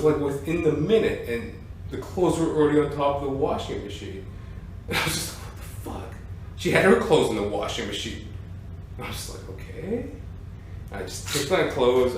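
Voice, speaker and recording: A man telling a rambling, profane comic story, recorded at a distance in an echoey room with faint noise. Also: mid-range voice. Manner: profane, rambling, keeps saying "ladies and gentlemen". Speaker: comedian. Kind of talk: rambling stand-up rant.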